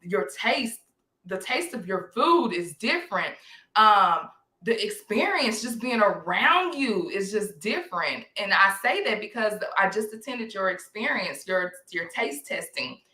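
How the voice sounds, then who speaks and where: Bright, emphatic woman host. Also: medium pitch, big pitch swings, measured pace, reverberant. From South Dallas, Texas, US. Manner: enthusiastic, emphatic. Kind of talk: interview chat.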